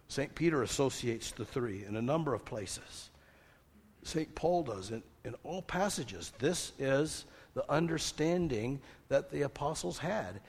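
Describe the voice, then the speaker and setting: An older man preaching a sermon, lively, asking rhetorical questions and quoting scripture. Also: fairly high pitch. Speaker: pastor. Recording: long hall reverb.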